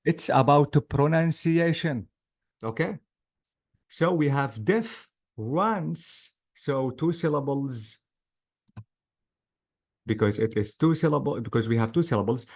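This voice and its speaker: A man's voice: mid-range voice, a little slow, long pauses, a little mellow. A male English teacher giving an online class lecture, patiently drilling words syllable by syllable.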